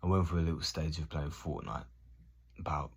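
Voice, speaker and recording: A man's voice: a bass voice, fast, gravelly, husky. A man in his thirties ranting casually to camera, swearing and acting out both sides of conversations. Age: 30s. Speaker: vlogger.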